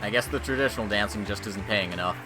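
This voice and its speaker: A man's voice: lowish voice, fast, music in the background. A male streamer commenting casually on a game, joking in an irreverent way and swearing freely. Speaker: let's play streamer.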